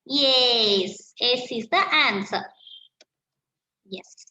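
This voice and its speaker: A woman teacher with an Indian English accent, slowly dictating answers in a class lesson and repeating phrases as she writes. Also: fairly high pitch, expressive, pushed and bright. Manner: slow, repeats phrases while writing answers. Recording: echoey room, dull lo-fi sound, faint noise.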